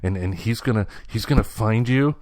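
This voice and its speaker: A man's voice: on the low side, moderate pace, darkish tone, no echo, clean studio sound. A man hosting a podcast in a casual chat and teasing his young guest with jokes. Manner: teasing, joking interviewer. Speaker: podcast host.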